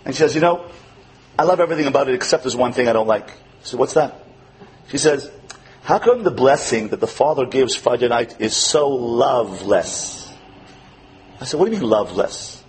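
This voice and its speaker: Animated male religious teacher storytelling. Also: medium pitch, moderate pace, a little hiss or hum, poor audio. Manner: animated, acts out quotes, drops to soft tender tones. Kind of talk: storytelling sermon.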